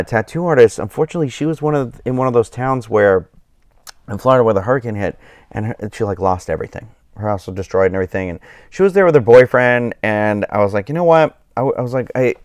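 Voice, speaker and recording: Clean, echo-free studio sound captures a fairly low-pitched man hosting a live stream. He's tired and yawning, and his casual chat rambles along with plenty of fillers and restarts.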